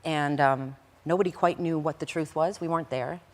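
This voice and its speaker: A woman's voice: sits low, normal speed. A middle-aged woman, a guest in an interview, tells a personal story with feeling and acts out the dialogue. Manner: animated, acts out quoted dialogue. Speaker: interview guest recounting past events.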